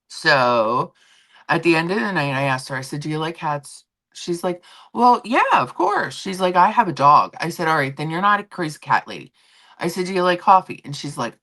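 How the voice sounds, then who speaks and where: A woman's voice: sits low, fairly bright tone. A middle-aged woman hosting a casual stream, chatting and telling a story with acted-out quotes. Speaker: stream host. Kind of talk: casual chat.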